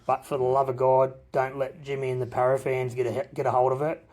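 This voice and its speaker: A man's voice: medium pitch, flat delivery, fairly quick, darkish tone. A man in a recorded voice message to a podcast, cheekily roasting the hosts. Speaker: listener sending a voice message.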